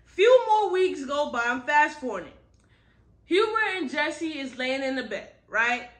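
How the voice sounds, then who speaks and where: A woman's voice: high voice, measured pace. A woman giving a casual book review recap, talking bluntly and with lots of slangy asides. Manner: animated, blunt, slangy storytelling with frequent asides.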